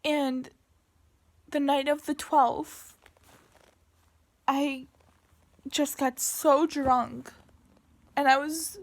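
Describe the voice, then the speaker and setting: A young woman with a high, gravelly voice speaks slowly, telling a painful personal story straight to camera. She pauses often and restarts her sentences, her delivery halting and heavy with emotion. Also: fairly even intonation.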